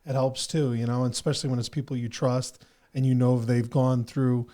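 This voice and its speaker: A male podcast host talks things through in an earnest, meandering way. He leans on fillers as he works toward his point, in a relaxed conversational tone. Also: medium pitch, a little fast. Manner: earnest and rambling, with many "you know" fillers. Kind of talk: reflective casual conversation.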